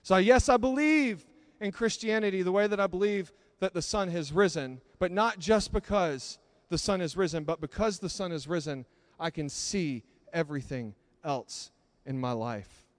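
Man, preacher, sermon, high voice, passionate, loud peaks and quiet lows, dry close sound. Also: normal speed, no room sound. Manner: passionate, builds to loud emphatic peaks then drops quiet.

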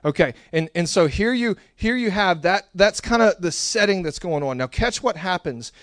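A young pastor preaching with a high, bright-toned voice. He tells stories and acts out the dialogue with animated energy. The sound is dry and close, with no room echo. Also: moderate pace. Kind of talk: sermon.

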